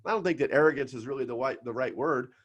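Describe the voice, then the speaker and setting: Man, middle-aged, seminar speaker, storytelling, emphatic pauses, medium pitch. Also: dull audio. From South Florida. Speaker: financial advisor coach. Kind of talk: seminar talk.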